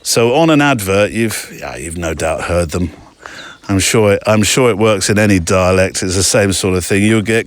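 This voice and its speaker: An English man hosting a podcast, reading listener letters aloud in a chatty, self-deprecating way with lively asides. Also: low voice, normal speed. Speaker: podcast host.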